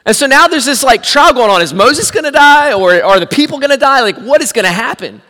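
High-voiced animated preacher man. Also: brisk, in a large hall. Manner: animated storytelling, swinging from hushed to shouting. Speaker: pastor. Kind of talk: sermon.

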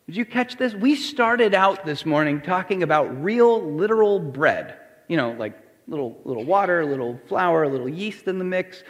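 A male pastor preaching a sermon in church, animated and acting out the voices of the people in the story. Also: high voice, normal speed, big-room sound. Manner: animated preaching with acted-out voices of the crowd and Jesus. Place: church hall.

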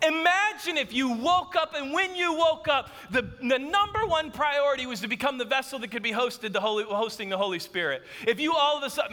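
A man preaching a sermon to a church, telling a lively story about his home. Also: very high-pitched, fairly quick, few pauses, in a large hall. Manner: animated storytelling, acts out his wife's voice. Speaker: pastor. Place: church auditorium.

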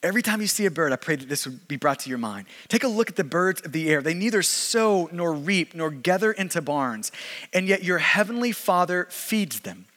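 A man in his thirties preaching a sermon as pastor, animated, swinging from loud emphasis to hushed intensity, in a church sanctuary. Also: high voice, fairly quick. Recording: long reverb of a large hall.

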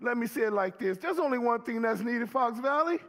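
A man preaching a sermon, with emphatic call-and-response delivery that rises to shouts. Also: extremely high pitch, animated, fairly quick, in a large hall. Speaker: pastor.

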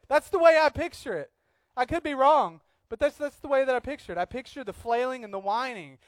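Male pastor, sermon, high voice, dry close sound, animated, loud and quiet by turns. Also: fairly quick, no room sound. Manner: animated, swings from loud acted outbursts to quiet earnest talk.

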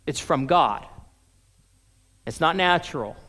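A man's voice: a little high, animated, slow, bright, forceful tone, big-room sound. A man preaching a sermon as pastor, conversational, acting out scripture dialogue in casual modern phrasing.

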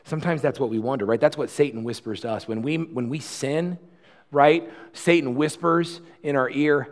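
A man's voice: mid-range voice, normal speed. A male pastor preaching a sermon about communion, earnest and conversational, often restarting his phrases.

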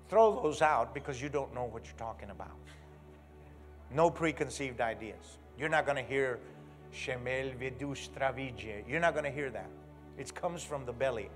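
A man preaching a sermon in a church, animated, moving from hushed talk to loud exhortation as he leads the congregation. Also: medium pitch. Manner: leads the congregation in call-and-response.

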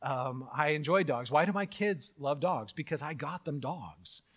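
A middle-aged man preaching a sermon as pastor, animated and joking, with mock-outraged asides. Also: a little high, a little slow.

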